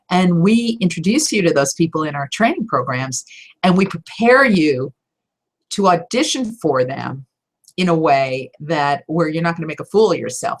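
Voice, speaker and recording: A woman voiceover coach answering viewer questions in a live Q&A, direct and encouraging, with emphatic stresses and quick laughs. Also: fairly low pitch. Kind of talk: live Q&A teaching talk.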